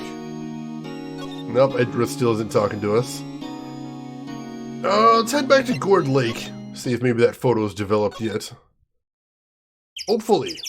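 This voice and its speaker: A man giving casual, easygoing commentary as he plays a video game. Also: medium pitch. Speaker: let's play streamer.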